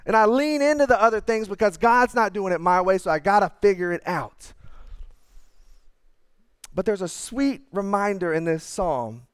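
A man, preaching a sermon in a conversational, earnest way, sometimes dropping to quiet asides. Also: high voice, lively intonation, moderate pace, clean tone, no echo, studio quality. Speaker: pastor.

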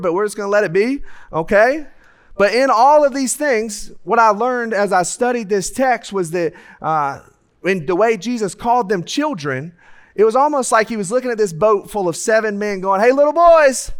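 High-voiced folksy preacher. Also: male voice, fairly bright tone, clear, resonant tone. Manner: humorous, folksy, acts out voices of people in his stories. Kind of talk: lively sermon. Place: church sanctuary. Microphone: stage microphone.

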